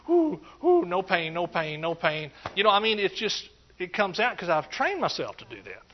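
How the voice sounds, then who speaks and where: A high-voiced, middle-aged pastor preaches in a joking, homespun way, sometimes erupting into energetic praise. The audio is dull and lo-fi, with a little hiss or hum.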